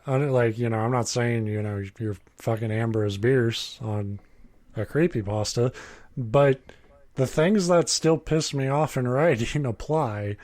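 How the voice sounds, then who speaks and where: A man's voice: mid-range voice, a little slow, darkish tone, no room sound. Casting: man, mid-range voice, blunt and profane, dry close sound. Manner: blunt, profane, annoyed ranting. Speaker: podcast co-host. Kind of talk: casual chat.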